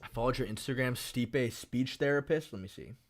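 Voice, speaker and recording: A male streamer chats loosely with his viewers about fights and bets. He rambles and repeats himself, with swearing mixed in. His voice sits at an ordinary middle pitch for a man. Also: brisk. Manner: rambling and repetitive, swears casually. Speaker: MMA streamer. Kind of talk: casual livestream chat.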